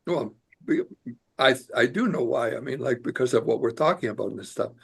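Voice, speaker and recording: An immigration attorney appears as a podcast guest, speaking earnestly in casual conversation and searching for words as he goes. His mid-range voice is animated, fairly quick, creaky, and slightly rough.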